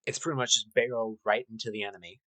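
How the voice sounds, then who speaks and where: A man running a tabletop role-playing game, narrating in a casual, halting way. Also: lowish voice, steady tone, fairly bright tone, dry recording, rough recording. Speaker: game master.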